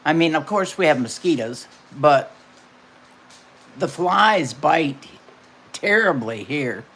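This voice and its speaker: A woman's voice: sits low, expressive, slow, a bit bright, a little hiss or hum. An older woman hosting a casual livestream from home, chatting and answering her viewers' comments by name. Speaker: livestream host.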